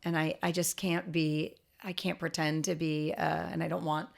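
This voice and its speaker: A woman's voice: sits low, level tone, moderate pace, gravelly. A middle-aged woman, a guest expert on a podcast interview, explaining earnestly with frequent restarts and light laughs.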